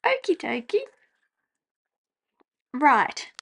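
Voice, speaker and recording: Woman, relaxed chat at her desk, slow unhurried pace, gravelly voice, frequent laughter. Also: sits high. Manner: chatty, laughs often, breaks into excited exclamations. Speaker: journaling vlogger. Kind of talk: casual chat while journaling. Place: home desk.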